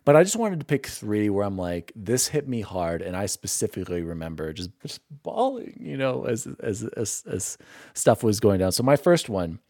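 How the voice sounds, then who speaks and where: A young man hosting a casual gaming podcast, openly sentimental and quick to laugh at himself. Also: fairly low pitch, sing-song, a little mellow, dry recording, clean studio sound. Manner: emotional, self-deprecating, quick to laugh. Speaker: podcast host.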